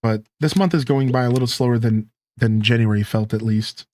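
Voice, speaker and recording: A man live-streaming a modded life-sim game, chatting casually to his viewers and himself in a relaxed, slangy way. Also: medium pitch, fairly quick, dry recording.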